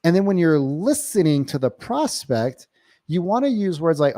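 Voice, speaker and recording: A man's voice: a little high, big pitch swings, moderate pace, mellow, no room sound. A man giving an emphatic sales coaching talk, often checking in with the listener. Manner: emphatic, keeps checking in with "right?". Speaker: real estate sales trainer. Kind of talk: coaching monologue.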